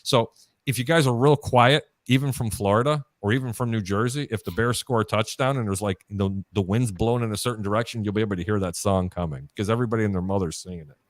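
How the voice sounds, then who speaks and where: Chatty sports-betting show host, dry sound. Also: male voice, lowish voice, fast, no room sound. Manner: chatty storyteller, mimics announcers.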